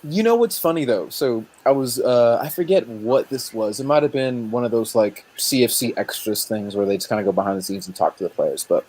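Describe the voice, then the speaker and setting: A man's voice: mid-range voice, a little fast, hardly any pauses, a little mellow. A man chatting casually on a live stream, laughing easily and rambling through his stories.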